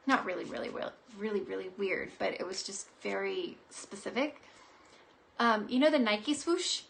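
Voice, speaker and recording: A woman's voice: fairly high pitch, gravelly, fairly bright tone, slight background noise. A woman psychic giving a live-streamed oracle card reading, bubbly and giggly in a chatty way. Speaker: psychic reader.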